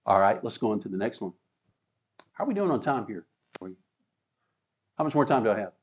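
A man's voice: lowish voice, sing-song, a little fast, muffled recording. Male preacher delivering an emphatic teaching sermon, reading verses aloud. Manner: teaching, reads scripture aloud, emphatic, chuckles. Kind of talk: sermon with slides.

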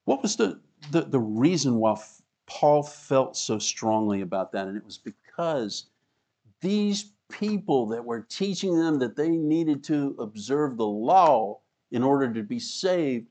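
A man's voice: mid-range voice, lively intonation, a little slow, warm tone. A man preaching a sermon, explaining scripture and reading verses aloud with emphasis. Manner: teaching, reads scripture aloud, emphatic, chuckles. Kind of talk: sermon with slides.

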